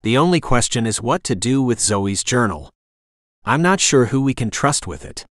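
Gruff retired SEAL, calm and clipped, read by a male narrator, dry close sound. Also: mid-range voice, moderate pace, dry recording, natural voice.

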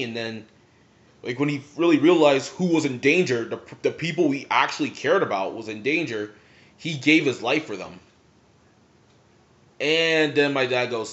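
A man's voice: medium pitch, lively intonation, moderate pace, a bit bright. A young man casually telling rambling stories about watching anime with his father, full of "like" fillers, on a slightly muffled recording. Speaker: vlogger. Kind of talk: casual storytelling.

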